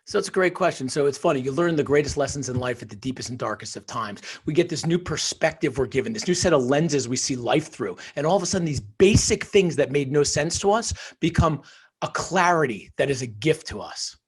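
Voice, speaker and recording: A middle-aged man from northern New Jersey, a guest telling his life story in an animated, emphatic motivational way. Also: on the high side, fairly quick, breathy edge. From northern New Jersey, USA. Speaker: podcast guest, author and financial wholesaler. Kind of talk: casual storytelling interview.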